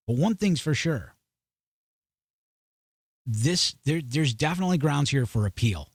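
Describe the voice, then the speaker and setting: A man's voice: medium pitch, husky, no echo, clean studio sound. A man hosting a podcast, giving blunt, sarcastic commentary and often restarting mid-sentence as he talks straight to his viewers. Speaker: podcast host. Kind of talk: opinionated news commentary.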